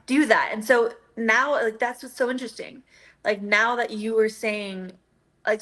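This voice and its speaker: A woman's voice: on the high side, steady tone, measured pace, fairly bright tone. A woman chatting as a guest, talking earnestly and filling her sentences with "like". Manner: earnest, many "like" fillers. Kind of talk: casual chat.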